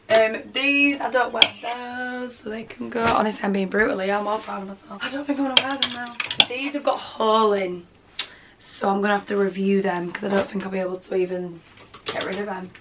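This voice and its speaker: A young woman with a Yorkshire accent chatting excitedly to camera at home as she sorts her things. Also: mid-range voice, brisk, very noisy. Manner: chatty and excitable, talks to camera while sorting. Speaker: vlogger. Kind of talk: casual vlog chat. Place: bedroom at home.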